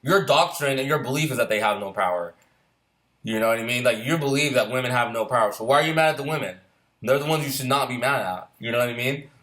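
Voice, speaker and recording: A man's voice: medium pitch, fast, fairly bright tone. A man on a heated, profane casual rant, firing off rhetorical questions. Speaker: filmmaker sharing opinions. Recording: roomy echo.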